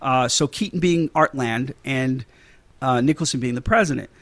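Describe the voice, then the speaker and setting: A man's voice: medium pitch, normal speed, fairly bright tone, no room sound. A man hosting a casual movie podcast, chatty and laughing often, with many fillers and restarts. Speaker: podcast host.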